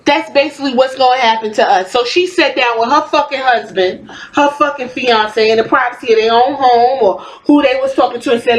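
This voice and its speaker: A woman's voice: high-pitched, a little fast, poor audio. A woman hosting a podcast, delivering a heated, profane commentary rant in a blunt, fiery way. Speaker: podcast host.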